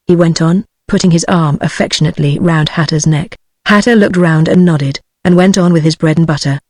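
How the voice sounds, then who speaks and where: A text-to-speech voice narrating a storybook audiobook, with a flat synthetic delivery. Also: mid-range voice, a little fast, few pauses, no echo.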